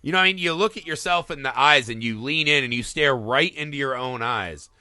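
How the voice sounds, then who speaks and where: A man co-hosting a film podcast in a casual, animated chat, swearing freely and acting out lines from the movie. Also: mid-range voice, a little fast, dry recording, studio quality. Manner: animated, swears, acts out quotes in put-on voices. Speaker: podcast co-host.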